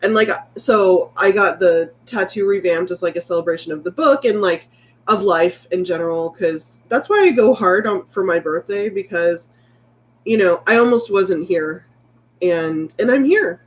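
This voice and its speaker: A woman's voice: lowish voice, moderate pace. A woman, chatting candidly with viewers and reading their comments, rambling and heartfelt. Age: late 30s. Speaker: vlogger. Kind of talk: casual livestream chat reading viewer comments.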